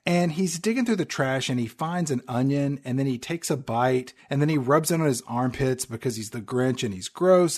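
A man's voice: fairly high pitch, darkish tone. A man co-hosting a casual film review podcast, recapping the plot with dry wisecracks.

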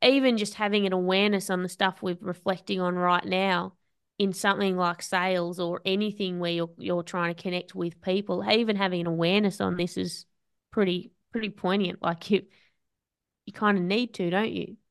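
Smooth-voiced Australian woman podcast host. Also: lowish voice, fairly even intonation, normal speed. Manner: reflective, thinks aloud. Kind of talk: casual conversation.

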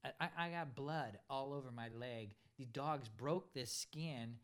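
A man casually telling a story on a talk show, animated and acting out the voices of the people in it. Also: medium pitch, a little slow. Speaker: podcast co-host, pilot.

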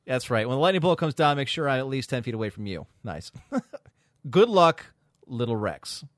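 A man's voice: mid-range voice, sing-song, moderate pace, fairly bright tone, no room sound, clean studio sound. A man hosting a casual podcast chat, brash and profane, joking and reading out listener messages.

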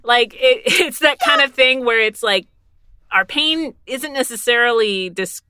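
A high-pitched woman in a relaxed conversation, telling quick, laughing stories at her own expense. Her voice is bright and the recording is dry and close. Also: clear, resonant tone, no room sound. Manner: quick, laughing, self-mocking storyteller. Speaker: voice actor. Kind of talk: casual podcast chat.

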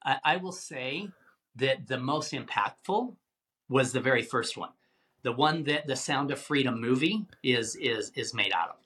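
A man telling a tense story as an interview guest, animated and given to repeating words as he talks. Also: medium pitch, a little slow. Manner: animated, acts out quoted voices, repeats words.

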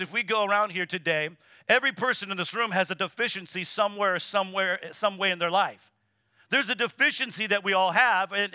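A man with a high, piercingly bright voice preaches a sermon to his church. He presses his points hard and repeats words for weight, calling the congregation to say things back. The sound is close and dry, with no room around it. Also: dry recording. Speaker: pastor. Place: church sanctuary.

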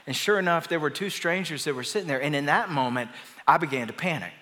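A man's voice: a little high, fast, bright, forceful tone. A middle-aged man, a pastor, preaching a sermon in a conversational storytelling way that builds to emphatic declarations. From Atlanta area, US. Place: large church auditorium. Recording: long reverb of a large church hall.

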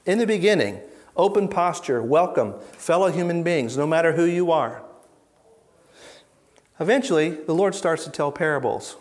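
A man's voice: on the high side, animated, normal speed. Emphatic man teaching a live audience. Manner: emphatic, rhetorical questions, swings between loud and hushed. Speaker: Bible teacher.

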